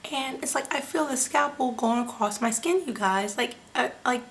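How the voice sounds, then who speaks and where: A young woman vlogger telling a personal story to her viewers in an animated, chatty way, often saying "like" and "you guys.". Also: high voice, normal speed, slight background noise. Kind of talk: casual storytelling to camera.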